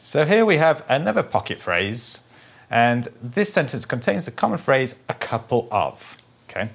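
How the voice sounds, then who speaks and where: A man's voice: medium pitch, big pitch swings, moderate pace, vocal fry, slightly rough. Easygoing male English co-teacher. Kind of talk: conversational lesson explaining vocabulary.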